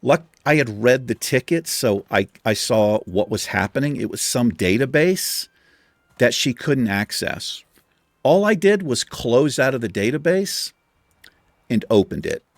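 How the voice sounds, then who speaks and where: Casual male host, salty storyteller, mid-pitched voice, close and dry. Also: expressive, unhurried, no echo. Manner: profane, exasperated anecdote telling. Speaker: gaming channel host. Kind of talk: casual storytelling over gameplay.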